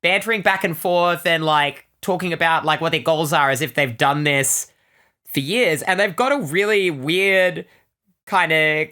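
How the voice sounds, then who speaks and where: A woman's voice: low voice, unhurried, fairly bright tone. A woman co-hosting a casual comic-book podcast, recapping with enthusiastic, rambling chatter and plenty of "like"s. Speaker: podcast co-host.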